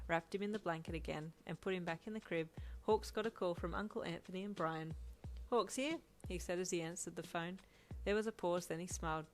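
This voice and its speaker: A woman narrating a fan fiction story in a steady, low-key way.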